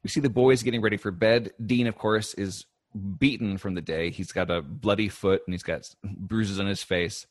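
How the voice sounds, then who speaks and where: A man telling a cartoon plot as a lively story on a podcast, quoting lines and laughing along the way. His voice sits fairly low, and the sound is dry and close, with no room around it. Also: normal speed, hardly any pauses, dry recording. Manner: lively storyteller, quotes characters, laughs often. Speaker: podcast co-host recapping an episode. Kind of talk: casual chat, animated recap.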